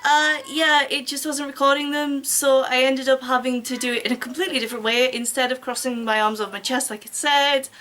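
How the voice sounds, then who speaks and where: High-voiced British woman, hesitant and wry. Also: fairly even intonation, a little fast, hardly any pauses, fairly bright tone, rough recording. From Britain. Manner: hesitant, wry, many fillers. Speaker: app reviewer. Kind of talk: casual video review.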